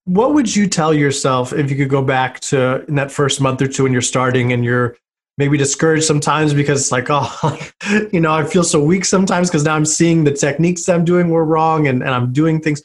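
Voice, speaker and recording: A man's voice: fairly high pitch, normal speed. A man hosting the interview as the swim coach, asking questions in an encouraging way. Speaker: podcast host, swim coach. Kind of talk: casual interview.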